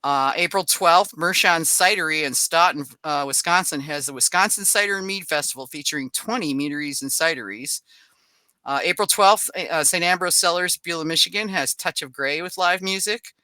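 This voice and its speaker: A woman's voice: deep voice, sharp tone, no echo. A woman hosting a podcast, reading through a list of upcoming events in a casual way with chatty asides. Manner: reads a list briskly with asides and small laughs. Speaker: podcast host. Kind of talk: casual event-listing readout.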